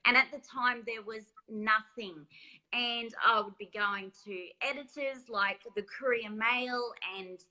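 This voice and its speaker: A woman, an author and spa business founder, telling her story in a lively, laughing interview. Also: fairly high pitch, slow, rough recording. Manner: lively, laughs often, acts out quoted voices.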